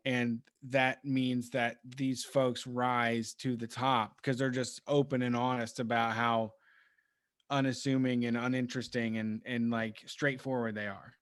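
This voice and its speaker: A man co-hosting a podcast, blunt and profane as he lays out his opinions. He has a mid-pitched voice. The recording is dry and close. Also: little pitch movement, unhurried, dry recording. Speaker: podcast co-host. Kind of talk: casual chat.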